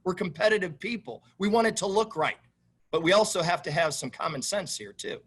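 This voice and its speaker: A man, a head football coach, answering questions at a press conference in an emphatic, animated way that repeats itself. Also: high voice, fairly quick, breathy edge.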